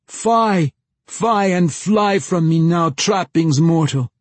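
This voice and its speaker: Casting: a man doing a self-pitying young would-be poet, theatrical and declaiming, husky, dry close sound. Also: mid-range voice, normal speed, mellow, no room sound, pitched above the performer's own voice, lightly acted. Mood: anguished.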